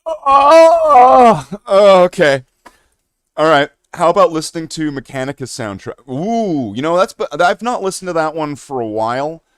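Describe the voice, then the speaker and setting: A man's voice: a little high, animated, moderate pace, clean tone, no room sound, clean studio sound. Joking, profane Canadian man streaming. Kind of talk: casual live-stream chat.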